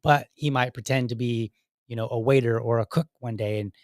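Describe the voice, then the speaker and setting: A man's voice: medium pitch, fairly even intonation, a little fast, darkish tone, no room sound, clean studio sound. A man hosting his own podcast in a casual live-stream talk, rambling with many fillers and restarts. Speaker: podcast host.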